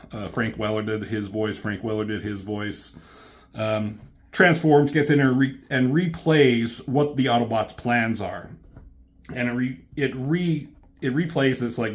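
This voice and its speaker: A man reviewing a comic in a casual, rambling way, swearing often and filling pauses with ums. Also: mid-range voice. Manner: rambling, swears a lot, many fillers. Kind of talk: casual chat.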